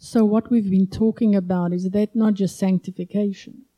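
A woman's voice: medium pitch, fairly even intonation, moderate pace, dark tone, lo-fi sound. A woman in a class asking the teacher a question. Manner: inquiring. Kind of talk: question from the audience.

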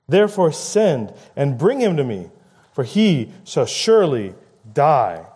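A man's voice: medium pitch, sing-song, moderate pace, warm tone, slightly rough. A man preaching a conversational sermon, paraphrasing scripture and acting out quoted lines with rising emphasis.

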